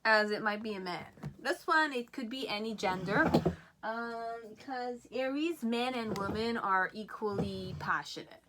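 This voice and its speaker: A woman giving a pick-a-card tarot reading, excitable, often checking in with "okay?" and a bit out of breath. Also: mid-range voice, very noisy. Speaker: tarot reader.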